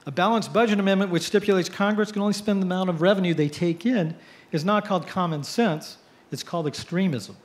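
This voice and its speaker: A middle-aged man giving an after-dinner speech, telling jokes with punchline pauses. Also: sits high. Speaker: editorial cartoonist giving a speech. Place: cruise ship event.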